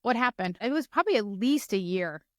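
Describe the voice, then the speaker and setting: A woman's voice: mid-range voice, lively intonation, brisk, no room sound, clean studio sound. A middle-aged woman hosting a podcast, asking guiding questions in a casual chat. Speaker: podcast host.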